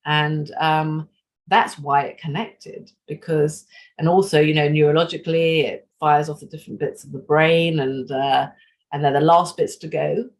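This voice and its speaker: A middle-aged woman being interviewed, talking in an animated, emphatic and self-effacing way. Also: sits low, normal speed. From United Kingdom. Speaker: podcast guest. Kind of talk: conversational interview.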